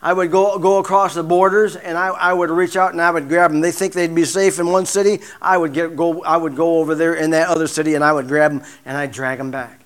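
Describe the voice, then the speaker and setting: A man preaching a sermon, halting often with repeated words and fillers, sometimes dropping to a hushed murmur. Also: a little high, steady tone. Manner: drops to a hushed murmur in prayer.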